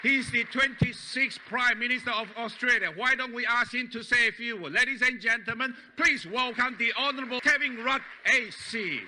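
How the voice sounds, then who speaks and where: A man's voice: extremely high pitch, moderate pace, few pauses, bright, forceful tone, slight background noise. A man acting as master of ceremonies, formally introducing a speaker. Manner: announcing.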